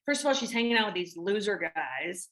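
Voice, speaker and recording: Woman, Southern accent, bright tone, chatty, restarts a lot, actress being interviewed. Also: medium pitch, expressive, a little fast. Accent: Southern American. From American South. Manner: chatty, many restarts and fillers. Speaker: actress guest. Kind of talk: interview answers.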